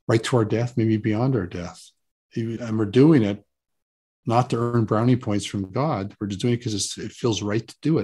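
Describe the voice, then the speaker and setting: A man with a low, husky voice, talking as a guest in an interview. He is earnest and emphatic and leans on repeated words to drive a point home. His delivery stays relaxed and conversational.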